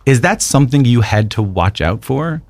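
A man's voice: medium pitch, expressive, moderate pace, darkish tone. A middle-aged man hosting a radio interview, playful and self-deprecating. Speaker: radio host.

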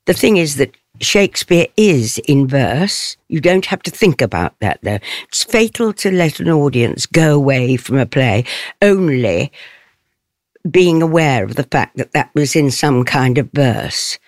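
An older stage actress giving an interview. She speaks in a thoughtful, measured way and laughs softly often. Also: low voice, sing-song, no room sound, studio quality.

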